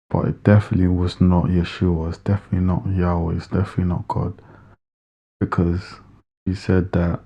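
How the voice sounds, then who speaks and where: A man's voice: low voice, dark tone. A man giving earnest, insistent commentary as he reacts to a video clip. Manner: earnest, insistent, repeats for emphasis.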